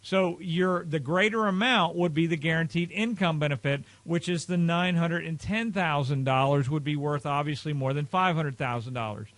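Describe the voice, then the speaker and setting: Male presenter, slightly higher pitch, earnest and emphatic with casual fillers, dry close recording. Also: no echo. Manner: earnest, emphatic, frequent uh and you know. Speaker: financial advisor presenting a video series. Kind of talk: explanatory talk to camera.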